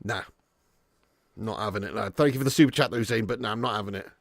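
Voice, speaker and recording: A man hosting a live football watch-along, commentating and reading viewer chat, excitable and swearing freely. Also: on the low side, fast, no room sound. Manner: excitable, swears freely, swings from muttering to shouting. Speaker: fan channel host.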